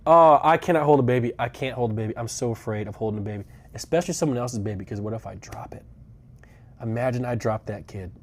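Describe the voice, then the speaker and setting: A man's voice: medium pitch, fast. A young man live-streaming from a rental car, chatting casually, rambling and swearing, with dry sarcastic asides. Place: inside a rental car on a road trip.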